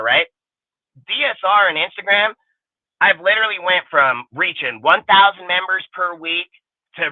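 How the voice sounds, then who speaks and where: A man's voice: sits high, dry recording. A man hosting his own channel, ranting angrily and cursing constantly at his critics. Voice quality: aggressive, profane, combative. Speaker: channel host. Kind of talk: profanity-heavy ranting livestream. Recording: tinny phone-like livestream audio.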